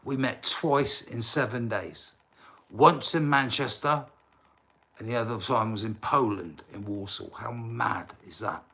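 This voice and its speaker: Slow-talking English man with a bright voice. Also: mid-range voice. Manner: rambling, talks straight to chat viewers, flares up in indignant bursts. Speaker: livestreamer. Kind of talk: casual livestream chat.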